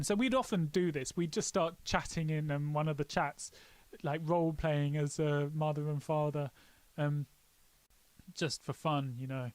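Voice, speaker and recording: A man's voice: fairly high pitch, steady tone, a little slow, no room sound. A man hosting a casual live stream walkthrough, joking and poking fun at himself. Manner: joking, self-mocking.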